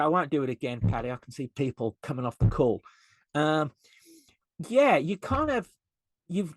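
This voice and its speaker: A man's voice: on the high side, no room sound. Yorkshire man presenting on a video call. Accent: Yorkshire English. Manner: conversational, repeats words, acts out dialogue. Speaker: negotiation consultant. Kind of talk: webinar presentation.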